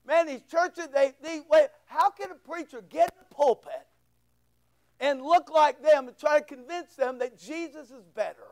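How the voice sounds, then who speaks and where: A pastor delivers a fervent sermon in a strikingly high, strained voice. He hammers his points with rhetorical questions and repetition, stumbling into quick restarts when he gets intense. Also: darkish tone, poor audio. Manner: fervent, emphatic preaching with repeated rhetorical questions.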